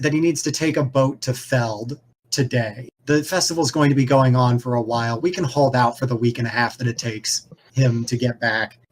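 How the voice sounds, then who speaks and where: A man voicing a short, brusque male festival organizer who barks rushed, profane orders in a flustered, snappy way. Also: mid-range voice, lightly acted.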